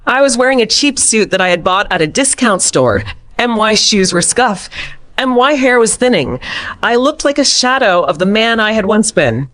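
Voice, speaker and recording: A woman's voice: fairly high pitch, expressive, normal speed, fairly bright tone. Woman narrating a dramatic story. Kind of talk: scripted first-person story narration.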